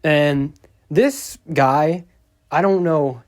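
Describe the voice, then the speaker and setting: A man's voice: a little high, very slow. Rambling, exasperated young-sounding man. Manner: rambling, exasperated, swears freely. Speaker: YouTuber. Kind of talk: casual storytime rant.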